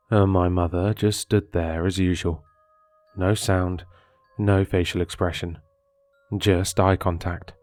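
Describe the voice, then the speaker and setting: A man reading a horror story aloud in a steady, measured narration. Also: low voice, no room sound, soft background music.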